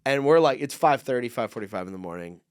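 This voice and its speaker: A man co-hosting a comedy podcast, telling a story in a casual, animated way, swearing freely and acting out the people in it. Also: medium pitch, quick pace, clear, resonant tone, no echo, studio quality. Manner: animated, profane, acts out the people in his stories.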